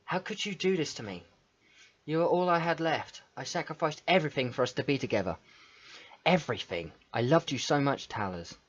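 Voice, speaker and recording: A man's voice: on the high side, expressive, brisk, voice pushed up. A man reading the lines of an obsessive, self-aware female game character aloud, pleading and confessional. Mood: wounded. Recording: muffled lo-fi mic.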